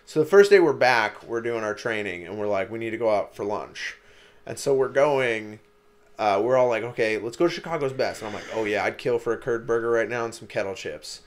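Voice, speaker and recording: Brief: young male podcast co-host, mid-pitched, loose rambling storyteller who swears freely. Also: brisk. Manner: rambling storyteller, lots of "like" and cursing. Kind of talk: casual chat.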